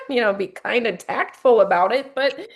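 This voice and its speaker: A woman's voice: on the high side, moderate pace, vocal fry. A woman leading a motivational workshop, talking to a group and guiding them through breathing exercises in an upbeat way. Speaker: team leader running a workshop.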